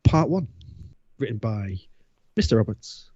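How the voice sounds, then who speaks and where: A man's voice: fairly low pitch, sing-song, a little slow, dark tone, slightly rough, no room sound. A man reading a script on a video call, teasing his friends between lines, heard over dull audio.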